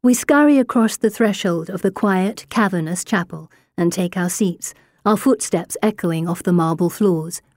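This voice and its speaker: Female audiobook narrator, warm low-ish voice, steady and wry, dry booth sound. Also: normal speed, no echo. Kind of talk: first-person audiobook narration.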